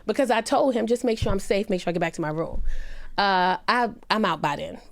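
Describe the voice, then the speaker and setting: A woman comedian on a podcast, telling a personal story earnestly and emphatically, her pitch rising when she quotes people. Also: fairly quick, vocal fry. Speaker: comedian guest.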